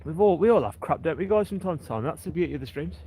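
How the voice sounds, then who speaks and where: A man's voice: on the high side, animated, fast talker, dark tone, slightly rough, poor audio. A man, hosting a casual walking livestream by the sea and chatting to his viewers by name. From England. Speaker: livestream host. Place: outdoors on a seaside breakwater.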